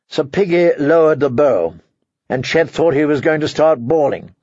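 A man narrating an audiobook in a measured storytelling manner. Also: fairly high pitch, a little mellow, dry recording, dull audio. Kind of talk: scripted narration.

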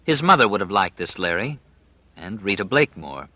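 A man reading an audiobook as narrator in a measured, even storytelling manner. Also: on the low side, dry recording, muffled recording. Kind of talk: scripted narration.

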